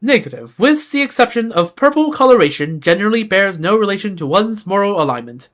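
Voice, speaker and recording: A reader voicing a stiff, formal guardian machine that speaks in a clipped, deadpan, legalistic way, in a fan reading of game dialogue. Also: mid-range voice, fairly quick. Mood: stern.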